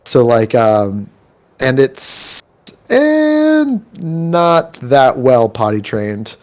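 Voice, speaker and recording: A man's voice: mid-range voice, very animated, very slow, a little mellow. A man chatting casually before a tabletop game, rambling through stories with lots of likes and ums. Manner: rambling storyteller, many likes and ums, acts out quoted voices.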